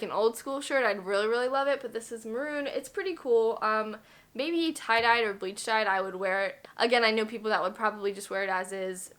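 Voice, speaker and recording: A woman's voice: mid-range voice, fairly bright tone. A woman in her twenties talking casually through an unboxing review, chatty and self-deprecating, with lots of fillers. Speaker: thrift vlogger.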